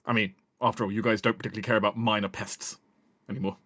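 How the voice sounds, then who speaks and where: A man narrating a tabletop game as game master, with measured descriptive narration. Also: fairly low pitch, little pitch movement, a bit bright, no room sound, clean studio sound.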